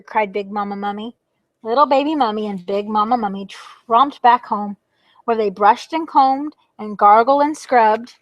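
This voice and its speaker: A woman reading a picture book aloud for a library storytime, with a slightly high voice. She is expressive and playful and makes sound effects. The recording is dry and close. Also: unhurried, dry recording, lo-fi sound.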